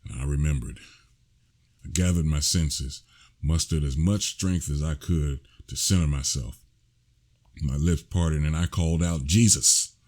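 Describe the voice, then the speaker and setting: A man narrating his own first-person horror story, slow and hushed, with sudden shouted lines. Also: extremely low pitch, steady tone.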